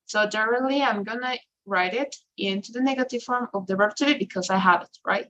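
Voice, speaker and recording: Spanish-native woman English teacher, mid-pitched, patient step-by-step explaining, keeps asking "right?". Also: brisk, few pauses, fairly bright tone, low-quality recording. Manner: explains patiently, tags "right?" after nearly every phrase. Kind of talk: online grammar lesson.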